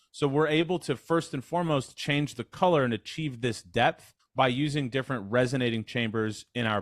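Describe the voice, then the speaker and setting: Guy running a voice workshop over video call, mid pitch, dry close sound, chatty and energetic. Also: no echo. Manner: energetic, chatty, demonstrates with his voice. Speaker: voice coach leading a workshop. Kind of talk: casual instructional talk. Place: online call.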